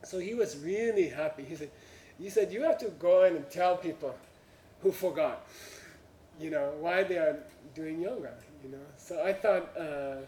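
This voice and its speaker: Guy telling a story in non-native english, kinda high voice, echoey room, mic a ways off. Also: moderate pace, a little mellow, slight background noise. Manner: chuckles through punchlines, with frequent "you know" and "uh". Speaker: speaker telling a story to an audience. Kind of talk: anecdotal storytelling talk. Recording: roomy, from a distance.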